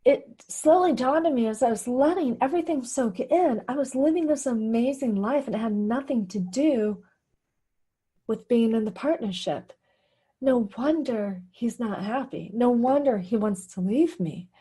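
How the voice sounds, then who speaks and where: Middle-aged woman host, husky and breathy, candid personal storytelling with laughs. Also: a little high, normal speed, mellow. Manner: candid, confessional, with frequent laughs. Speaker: radio show host.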